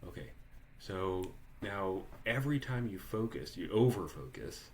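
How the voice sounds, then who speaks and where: A man with a very low voice leads a live workshop, thinking aloud with restarts and checking in with the group. A faint hiss sits under the recording. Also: expressive, measured pace. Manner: conversational, many restarts and "like", asks participants questions. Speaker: workshop leader. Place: online live workshop, video call.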